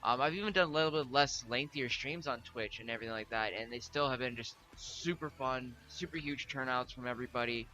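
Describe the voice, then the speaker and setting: Rambling, bright-voiced young male streamer. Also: mid-range voice, a little fast, few pauses. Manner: rambling, heavy filler words, laughs often. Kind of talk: casual chat with viewers. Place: home room.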